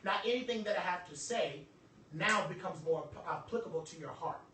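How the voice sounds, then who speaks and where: This motivational speaker has a high voice and a fairly quick pace as he addresses an audience live in an event room. His delivery is animated and joking, almost like a preacher, mixing humor and sermonizing into his teaching. The sound comes from far off in an echoey room, with some noise.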